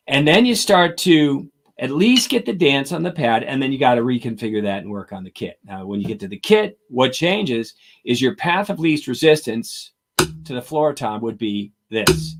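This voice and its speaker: A man's voice: mid-range voice, lively intonation, normal speed, noisy background. A middle-aged man teaching drum technique on a live stream, explaining carefully and counting out strokes aloud in rhythm.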